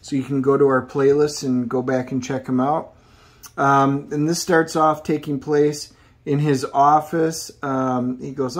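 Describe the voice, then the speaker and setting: A man's voice: medium pitch, flat delivery, unhurried. A middle-aged man hosting a casual comic book review video, rambling through the plot with many ums and uhs.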